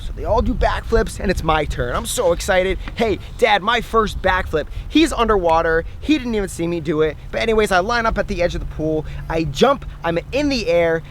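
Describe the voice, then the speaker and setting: A young man telling a personal story to camera in a casual, animated way, laughing at himself now and then. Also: high voice. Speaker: fitness vlogger. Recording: faint outdoor noise.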